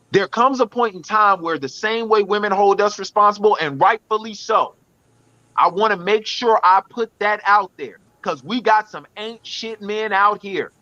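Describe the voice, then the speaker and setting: Blunt, preachy podcast man with a high, bright voice. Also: no room sound, dull audio. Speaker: podcast co-host. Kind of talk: casual podcast debate.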